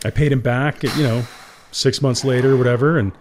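A man's voice: medium pitch, steady tone, moderate pace, a little mellow, slight background noise. A man, a company founder, candidly telling his story as a guest in an interview, earnest and emotional.

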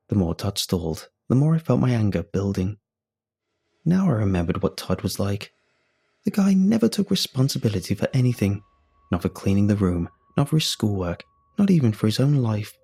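A man narrating a first-person story in a measured, quietly earnest way. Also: fairly low pitch, sing-song, gravelly, husky.

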